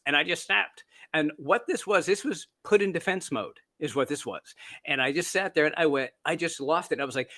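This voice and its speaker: A man's voice: a little high, moderate pace, few pauses, bright, forceful tone. A Canadian-born man, an author being interviewed, telling stories in a chatty, self-deprecating way with frequent fillers and restarts. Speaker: author guest. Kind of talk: casual interview storytelling.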